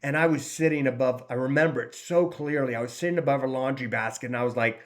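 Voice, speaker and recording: A man's voice: medium pitch, fairly even intonation, fast talker, hardly any pauses. A man in his forties, talking straight to camera as a recovery coach, blunt and profane, with many restarts. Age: 40s. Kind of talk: casual direct-to-camera talk.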